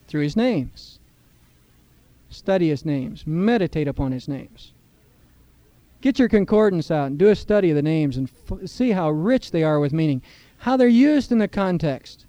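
A man's voice: on the high side, mellow, dry recording. A middle-aged man preaching a sermon in church, earnest, with a rising emphasis on key points. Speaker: pastor.

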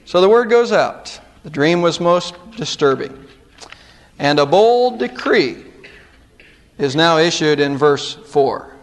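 A middle-aged pastor with a notably high voice delivers his sermon. He lifts his pitch for emphasis and then drops it low and quiet. The talk is dramatic and earnest from the pulpit. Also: animated, slow pace. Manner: dramatic preaching with sharp rises and drops in pitch.

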